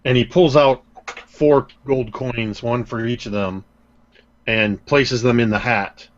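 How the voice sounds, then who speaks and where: A man playing a tabletop game, speaking in a thoughtful, measured way. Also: mid-range voice, steady tone. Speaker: player. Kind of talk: in-character tabletop play. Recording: dull lo-fi audio.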